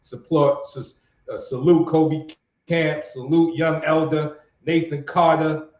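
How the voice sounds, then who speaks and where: A man's voice: fairly high pitch, fairly even intonation, takes it slowly. A man hosting a casual live stream, hyping up the show and saluting viewers from the chat. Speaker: host. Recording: roomy, muffled home stream audio.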